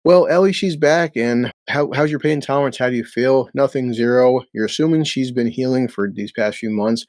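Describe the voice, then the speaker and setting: A man's voice: medium pitch, moderate pace, hardly any pauses, a little mellow, no echo. A man giving a casual recap of a TV episode, blunt and sarcastic, swearing freely. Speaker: show recap host.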